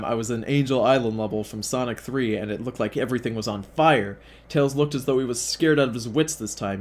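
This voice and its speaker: A young man reading fan fiction aloud as host, breaking off for sarcastic, profane asides that mock the text. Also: medium pitch.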